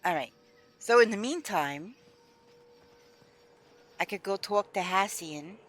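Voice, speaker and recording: A woman's voice: mid-range voice, expressive, slow pace. A woman live-streaming a game, chatting casually with her viewers and openly voicing her frustration.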